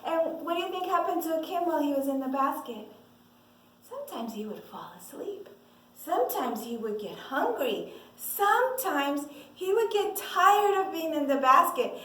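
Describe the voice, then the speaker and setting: A woman telling a children's mission story with lively, expressive delivery, asking the listeners questions. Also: high-pitched, normal speed. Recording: echoey room, mic far off.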